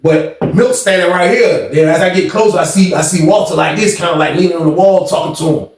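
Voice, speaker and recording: A man's voice: a little high, fairly quick. A man telling a story in a casual, slangy way, acting out the dialogue as he goes. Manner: animated, slangy, acts out dialogue. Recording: echoey room.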